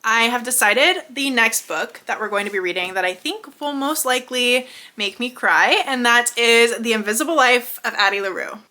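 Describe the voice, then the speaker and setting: A woman's voice: fairly high pitch, normal speed, hardly any pauses, pushed and bright. A young woman chatting casually in a vlog, gushing emotionally about books and often repeating herself. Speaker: book vlogger. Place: home.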